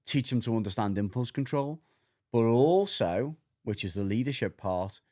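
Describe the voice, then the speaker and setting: A man co-hosting a casual podcast chat, explaining dog behaviour as an animated storyteller who acts out voices and swears freely. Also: mid-range voice, normal speed.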